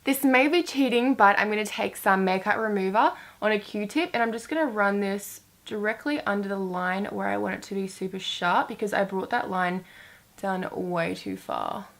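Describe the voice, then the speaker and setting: A woman's voice: mid-range voice, normal speed. A young woman chats her way through a makeup tutorial. She talks casually and loosely, with plenty of filler words. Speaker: beauty vlogger.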